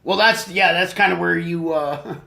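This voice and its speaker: A man acting out a blustering, flag-waving podcast host in a comedy sketch, his voice high, gravelly and bright. He talks gruffly and abruptly, like a self-important showman. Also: normal speed, full character voice. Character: blustering patriotic male podcast host, mid-aged.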